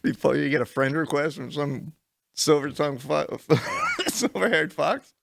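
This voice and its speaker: A man's voice: a little high, wildly swooping pitch, a little slow, creaky, a bit bright, no room sound. Teasing man with a swooping voice. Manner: playful, teasing, laughs often. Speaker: comedy podcast co-host. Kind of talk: casual banter, storytelling. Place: small recording studio. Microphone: studio microphone.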